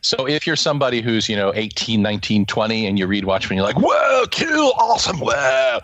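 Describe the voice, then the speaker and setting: A man's voice: fairly low pitch, fast talker, fairly bright tone, dry recording. A man in his forties hosting a casual comic book discussion, chatty and jokey with rambling restarts. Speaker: podcast host.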